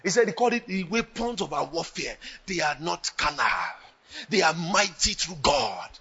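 A man with a Nigerian accent preaching a sermon as pastor, swinging between hushed lines and shouted ones. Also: high-pitched, moderate pace, breathy edge, dull audio.

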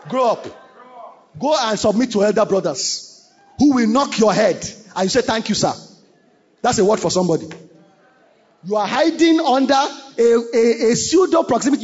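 Preacher guy, fast and animated, husky voice, long hall echo, kinda dull audio. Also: extremely high pitch. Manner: animated, mimics church members, bursts into shouts. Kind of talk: sermon. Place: church hall.

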